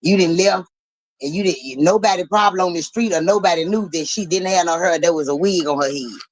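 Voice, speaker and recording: A woman's voice: on the low side, brisk, no echo, poor audio. Blunt, profane woman telling a story. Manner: animated, blunt and profane, laughing through the story. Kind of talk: casual storytelling.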